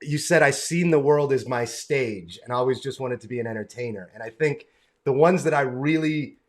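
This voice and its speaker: A man's voice: mid-range voice, moderate pace. An American man hosting a casual video-call interview, enthusiastic and friendly, calling his guest brother and man. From United States. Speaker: interview host.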